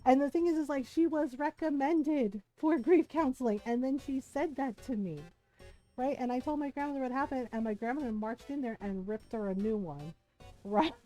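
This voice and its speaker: Mellow-voiced woman telling a story on stream. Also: sits high, moderate pace, soft background music. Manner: animated retelling, acts out quoted people; many fillers like 'right?' and 'like'. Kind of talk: casual storytelling chat to stream viewers.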